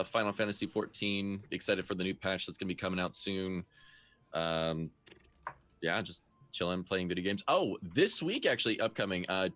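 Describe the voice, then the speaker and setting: A man with a somewhat low voice speaking in an easygoing way. He drops casual swears while chatting on a livestream. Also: a bit bright, no room sound. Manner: laid-back, swears casually. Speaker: streamer and player.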